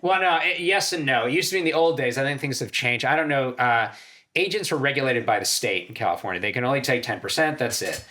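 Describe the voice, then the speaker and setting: Fast-talking, bright-voiced male comedian. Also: medium pitch. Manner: animated storytelling, quick asides. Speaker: comedian guest. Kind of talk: casual interview chat.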